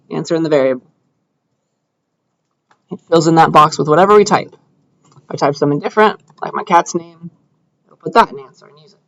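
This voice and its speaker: A man's voice: sits high, gravelly, dull audio. A man teaching a programming class, talking casually and checking in with students often as he codes live. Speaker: computer science lecturer. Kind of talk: classroom lecture with live coding. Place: lecture room.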